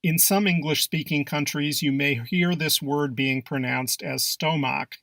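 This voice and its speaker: Guy reading a pronunciation lesson, bright voice with a gravelly edge, dry close mic. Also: on the high side, unhurried, no echo. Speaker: English pronunciation teacher. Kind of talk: scripted narration.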